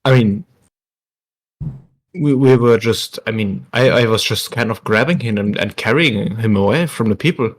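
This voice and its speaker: A man's voice: on the low side, normal speed, slight background noise. A man playing a tabletop game, speaking hesitantly with many restarts. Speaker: player.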